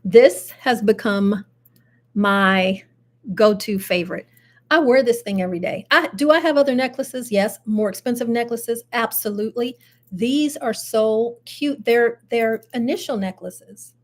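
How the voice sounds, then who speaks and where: A woman's voice: on the high side, unhurried. An older woman with grandchildren, hosting a casual live stream, chatting and laughing as she greets her viewers. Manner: chatty, laughs often, addresses viewers directly. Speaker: host.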